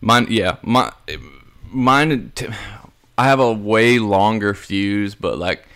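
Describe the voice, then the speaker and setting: A man's voice: lowish voice, takes it slowly. A young man chatting casually on a podcast. He tells stories with energy and acts out the other people in a raised, mocking voice. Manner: animated storyteller, acts out quotes in a raised voice. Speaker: podcast co-host. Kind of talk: casual chat.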